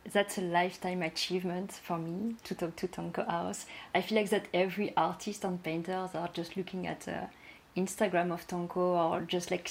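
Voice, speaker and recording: A woman's voice: on the low side, slight background noise. Young woman with a French accent. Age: young adult. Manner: self-deprecating, halting with fillers. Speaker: guest, production designer. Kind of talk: remote interview chat. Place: home, talking over a video call. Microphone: video call mic.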